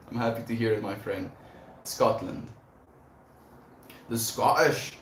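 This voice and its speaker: A man's voice: lowish voice, slow pace, a little hiss or hum. Man chatting on a livestream in an echoey room. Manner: relaxed, laid-back and affectionate. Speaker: livestream host. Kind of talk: casual chat reading viewer messages.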